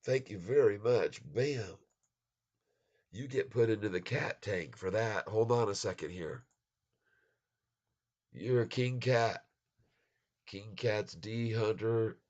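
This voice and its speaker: A man's voice: fairly low pitch, slow pace, long pauses, a little mellow, dull audio. An American man hosting a casual live stream, chatting with viewers, laughing often and mixing in bits of French and Spanish. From United States.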